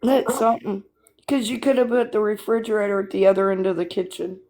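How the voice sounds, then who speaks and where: A woman's voice: medium pitch, steady tone, fast talker, crowd noise. An older woman hosting a live stream, telling stories with laughter and swearing in a casual chat. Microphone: phone or computer for live stream.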